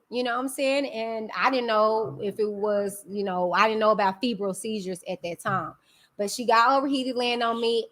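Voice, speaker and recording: A woman's voice: on the high side, pushed and bright. A woman hosting a live stream, talking candidly and emphatically to her viewers, calling them y'all. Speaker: channel host.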